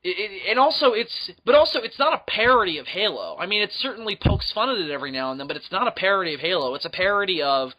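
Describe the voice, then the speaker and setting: A young man co-hosting a podcast in casual chat, animated, laughing often and acting out quoted lines. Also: high voice, fast, hardly any pauses. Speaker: podcast co-host. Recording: dull lo-fi podcast audio.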